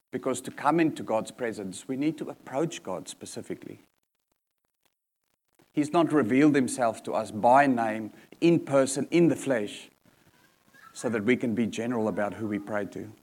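A man's voice: mid-range voice, normal speed, long pauses, darkish tone. Earnest male preacher giving a sermon. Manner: earnest, repeats key points for emphasis.

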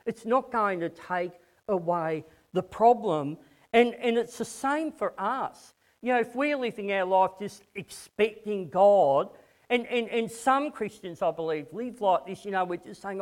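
A man's voice: high-pitched, animated, measured pace. A man preaching a conversational sermon to a congregation, often repeating words as he starts a phrase.

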